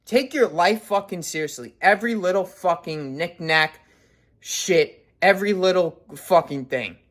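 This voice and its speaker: A man's voice: high-pitched, unhurried, fairly bright tone. A man in his twenties giving a blunt, profanity-heavy motivational rant as a vlogger. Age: 20s. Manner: blunt, heavy swearing, intense.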